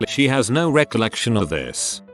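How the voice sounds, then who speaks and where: A man reading online posts aloud as scripted narration, lively and expressive with dry asides. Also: medium pitch, normal speed, soft background music.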